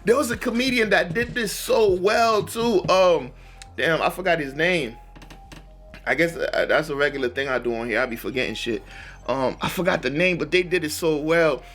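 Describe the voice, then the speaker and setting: A man's voice: fairly high pitch, moderate pace, a bit bright, soft background music. A man hosting a reaction video, talking in a laid-back, slangy way and laughing often. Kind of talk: casual chat.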